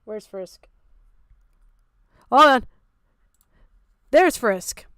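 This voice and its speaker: A young woman streaming a reaction, blunt and profane, exasperated and often shouting in disbelief. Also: a little high, animated, very slow, smooth, dry recording, studio quality. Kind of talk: casual reaction commentary.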